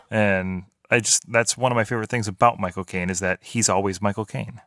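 A fairly low-voiced man on a movie podcast chats eagerly and trails off as he hunts for a title. The sound is dry and close, with no room around him. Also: steady tone, moderate pace, hardly any pauses, fairly bright tone, no room sound. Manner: enthusiastic, rambling, searches for words. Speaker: podcast co-host. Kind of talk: casual movie-review chat.

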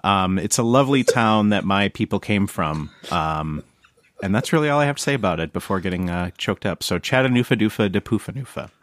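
A man's voice: low-pitched, lively intonation, brisk, a bit bright. A man hosting a casual podcast chat, joking and laughing often with his friends. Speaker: podcast host.

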